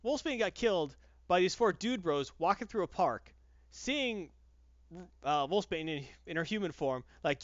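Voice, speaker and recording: Male comic reviewer, slightly high voice that swings widely, sarcastic and exasperated; dry, dull lo-fi recording. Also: animated, a little slow, a bit bright, no room sound. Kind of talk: casual podcast chat.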